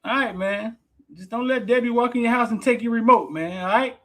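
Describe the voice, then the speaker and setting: A man's voice: very high voice, fairly quick, fairly bright tone. A man co-hosting a podcast, chiming in with teasing hype-man lines.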